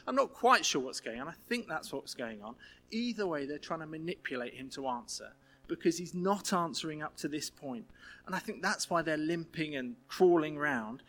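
A man preaching a sermon in a lively, humorous, conversational way. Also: fairly high pitch, normal speed.

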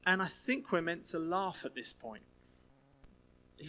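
Lively, joking preacher with a raised voice. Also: male voice, on the high side, moderate pace. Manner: lively, humorous, conversational preaching. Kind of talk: sermon.

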